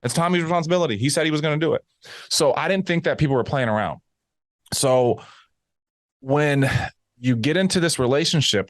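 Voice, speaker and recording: A man's voice: medium pitch, dry recording, clean studio sound. A man talking casually and emphatically as he mentors a new insurance agent, often acting out sales calls. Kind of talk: casual coaching talk.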